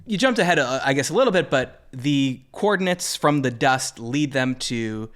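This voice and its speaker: Male podcast host, casual movie chat, lively swinging pitch, jokey delivery, acts out quotes. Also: normal speed.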